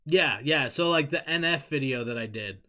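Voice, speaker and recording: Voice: medium pitch, animated, moderate pace, sharp tone. An adult with an American accent chatting casually on a live stream, candid and rambling, swearing freely and laughing often while reading chat.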